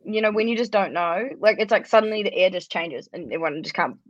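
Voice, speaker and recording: A woman's voice: mid-range voice, fast, no room sound, dull audio. A woman with a New Zealand accent, a musician guest chatting casually and rambling with lots of fillers. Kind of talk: casual interview chat.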